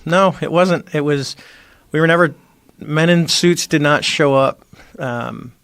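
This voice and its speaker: A man's voice: on the high side, a little slow, gravelly, clear, resonant tone, no room sound, studio quality. A middle-aged man, a former Navy squadron commander, telling a story in casual conversation and acting out the quoted lines. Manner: animated storyteller, acts out quoted dialogue.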